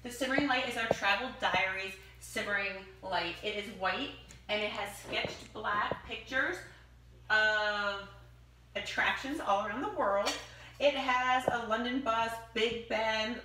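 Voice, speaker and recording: A woman's voice: a little high, a little slow. A woman chatting enthusiastically as she shows off home decor products one by one. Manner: enthusiastic, chatty, gushing over items. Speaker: product demonstrator. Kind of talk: casual product showcase. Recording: echoey room, distant mic, noisy.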